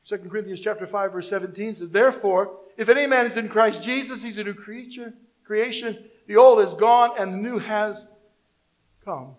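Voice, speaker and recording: A man preaching a sermon, reading scripture and calling on the congregation, moving between loud emphasis and soft, low delivery. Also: moderate pace, poor audio. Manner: reads scripture aloud, calls on the congregation to respond. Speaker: pastor.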